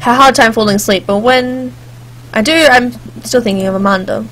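A woman's voice: fairly high pitch, fairly quick, a bit bright, slight background noise. Chatty woman reading a game aloud. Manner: chatty, jokey asides, sings snatches. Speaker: let's play gamer. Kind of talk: reading game text aloud with casual commentary.

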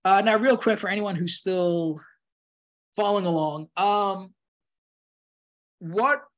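Halting man lecturing, higher voice. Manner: halting, full of restarts and "you know"; conversational, explanatory. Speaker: college lecturer. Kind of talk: classroom lecture.

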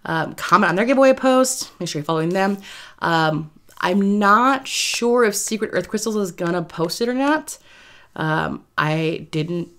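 A woman's voice: mid-range voice, animated, unhurried, fairly bright tone. A woman talking casually to her viewers in a rambling way, giggling often between phrases. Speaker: YouTube creator. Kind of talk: casual vlog talk to viewers.

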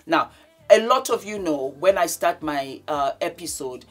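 A woman hosts an etiquette vlog in a low, unhurried voice. She swings from big, loud greetings to soft, hushed demonstrations, speaking slowly and carefully to her viewers. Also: animated, soft background music. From Nigeria. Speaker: etiquette vlogger. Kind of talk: casual etiquette lesson to camera.

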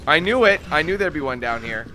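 A man giving casual, excitable gameplay commentary, swearing often and yelling when things go wrong. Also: on the high side, brisk, slight background noise. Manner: excitable, swears a lot, yells when panicked. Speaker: let's play commentator.

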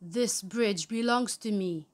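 A woman voicing a greedy, bad-tempered male troll who growls loud threats in a children's story. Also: mid-range voice, slow pace, natural voice. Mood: growling.

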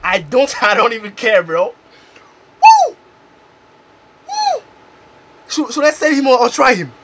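A man commenting on his video game pack opening, excitable and bursting into loud exclamations. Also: very high voice, fairly quick, very noisy. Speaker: gaming YouTuber.

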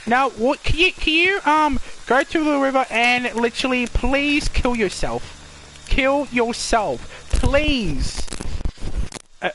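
A man calling out his game as he plays, loud, excitable and full of swearing. His pitch swoops all over the place while his words come slowly and drawn out. A faint hiss sits under his voice. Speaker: gamer. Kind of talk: live gameplay commentary.

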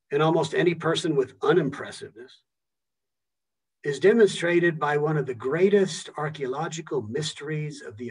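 Man from philadelphia, museum lecturer, husky, fairly high voice, distant mic in a lecture room. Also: darkish tone. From Philadelphia, United States. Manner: emphatic, keeps checking in with "okay?". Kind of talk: public lecture.

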